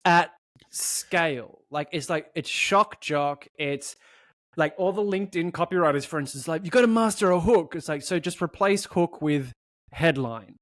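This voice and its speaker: A podcast co-host with a slightly high voice, talking casually and animatedly, swearing freely and slipping into little acted-out voices. The sound is dry and close to the mic, with no room echo. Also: male voice, unhurried. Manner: animated, swearing, acts out voices mid-story. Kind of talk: casual conversation.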